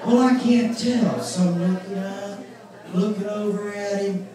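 A woman's voice: medium pitch, unhurried. A woman doing a stand-up comedy set on a club stage, telling self-mocking stories in a chatty way. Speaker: stand-up comic. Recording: distant, very echoey club recording with crowd. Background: audience laughter.

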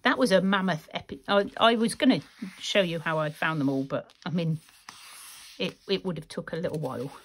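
A woman's voice: lowish voice, fairly quick. A woman chatting casually through a craft tutorial, rambling and laughing often as she works. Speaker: craft vlogger.

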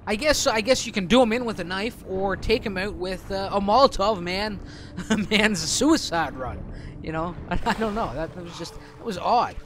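High-voiced joking gameplay commentator man. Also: moderate pace, a bit bright, a little hiss or hum. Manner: chatty, joking, laughs often. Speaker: let's play host.

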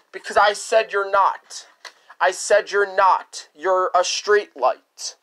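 A man's voice: high-pitched, fairly even intonation, slow, bright, forceful tone. A man in an improvised cartoon monologue, scolding over and over in a repetitive, lecturing way.

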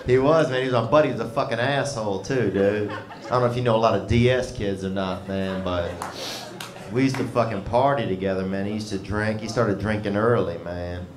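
A man's voice: lowish voice, normal speed, long pauses. A man doing a rambling, laid-back stand-up set on a club stage. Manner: rambling, drawling, laid-back, Southern slang. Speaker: stand-up comedian. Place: comedy club stage with live audience. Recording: roomy club with crowd laughter. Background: audience laughter.

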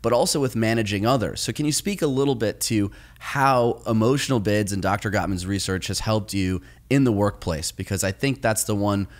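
Male podcast host, fairly low voice, easy conversational interviewer. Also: brisk, few pauses. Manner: relaxed, conversational, asks long framing questions. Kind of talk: interview questions.

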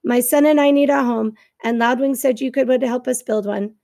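A woman voicing a calm, polite female robot who speaks in plain, careful, formal sentences, in a read-aloud storybook. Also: a little high, moderate pace, creaky, no room sound, studio quality. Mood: earnest.

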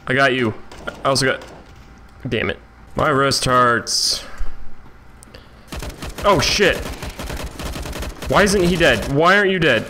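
Brief: male gamer, bright and slow-talking, swears a lot, mocks himself, faint gunfire behind. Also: mid-range voice, a little hiss or hum. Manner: excitable, swearing, self-mocking. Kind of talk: let's play commentary.

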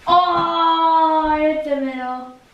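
A woman chatting casually for a vlog, full of quick exclamations as she plays. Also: sits high, lo-fi sound. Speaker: vlog co-player. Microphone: own camera at a distance. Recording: echoey room, far from the mic, loud background noise.

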